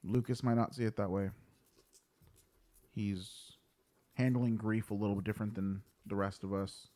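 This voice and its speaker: A man playing his character at a tabletop game, earnest and plainspoken with halting pauses. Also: lowish voice, little pitch movement, warm tone. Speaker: player.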